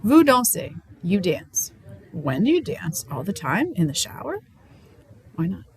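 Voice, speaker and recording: A woman's voice: fairly low pitch, huge pitch swings, unhurried, a little mellow, poor audio. A woman teaching French question words in an upbeat, playful way. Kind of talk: lesson.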